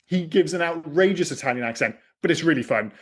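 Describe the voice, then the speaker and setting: A man's voice: on the high side, expressive, fast. A man co-hosting a podcast, giving strong, sweary opinions in casual film talk. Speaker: podcast co-host.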